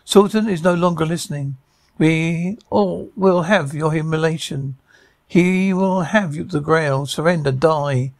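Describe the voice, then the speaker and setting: A man's voice: fairly high pitch, measured pace, vocal fry, no room sound. A man reading the part of a menacing enemy envoy who demands surrender with cold, blunt threats. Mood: threatening.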